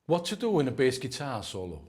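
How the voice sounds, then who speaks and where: A man giving a comic drum masterclass as an earnest, deadpan instructor who rambles and often drops into quiet asides. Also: medium pitch, a little fast, a little hiss or hum.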